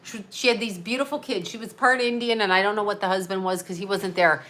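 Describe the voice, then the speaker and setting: A fast-talking woman in her fifties, a psychic medium, hosts a casual live stream and reads viewer comments while ranting bluntly and profanely. Her voice is medium in pitch, a bit bright, and steady in tone.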